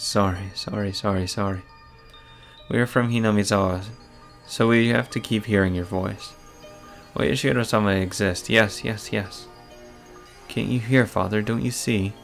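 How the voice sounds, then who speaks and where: A troubled young girl haunted by a curse, read aloud by a man in his own low, gravelly voice. The lines come in a plain reading tone with little put-on change, over faint game music. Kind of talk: reading a visual novel aloud.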